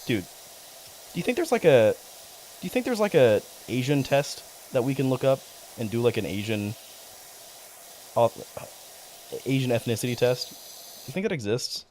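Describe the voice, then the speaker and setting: A young man talking to his chat on a stream in a loose, rambling way, cursing often and getting excited. His voice sits at an ordinary pitch but swings up and down freely. A faint hiss runs underneath. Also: normal speed, long pauses. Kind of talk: casual livestream chat.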